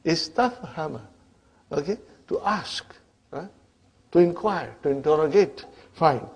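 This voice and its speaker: In this classroom lecture on Arabic grammar, a man speaks unhurriedly in a fairly high, husky, expressive voice. He repeatedly checks on the class with "huh?" and "are you with me?", putting questions to the students and then supplying the answers himself.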